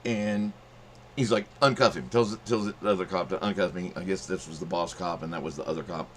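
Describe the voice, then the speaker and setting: A middle-aged man with a low voice spins a long, profane story in a loose, rambling monologue. He often jumps into a louder voice to act out what others said. A faint ambient hum sits behind him. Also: steady tone, brisk. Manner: profane, rambling, acts out quotes in raised voice. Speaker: channel host telling a story.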